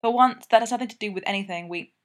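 A woman's voice: mid-range voice, fast, lightly acted. A woman voicing an earnest, impassioned young man in an audiobook, talking in urgent, emphatic declarations. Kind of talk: audiobook character reading.

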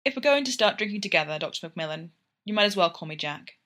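A woman voicing a weary, reserved male police inspector who speaks in a measured, neutral way. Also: on the low side, expressive, a bit bright.

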